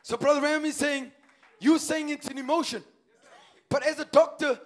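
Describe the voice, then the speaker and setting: High-voiced man preaching with fervor. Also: fairly even intonation, normal speed. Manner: impassioned, swings between hushed and shouted; calls to the congregation with repeated questions. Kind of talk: sermon. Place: church.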